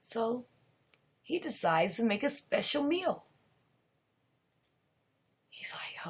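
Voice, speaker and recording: A woman tells a horror story to her live stream at a slow, unhurried pace. She rambles and restarts, dropping to whispers for suspense. A noisy home stream recording with steady background hiss. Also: a little high.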